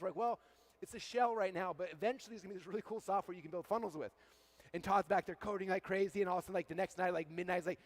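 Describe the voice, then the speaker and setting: A man's voice: high-pitched, fast. A man giving a live keynote on stage to an event audience, telling a story and acting out the dialogue. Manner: energetic storyteller, acts out quoted dialogue. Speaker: keynote speaker.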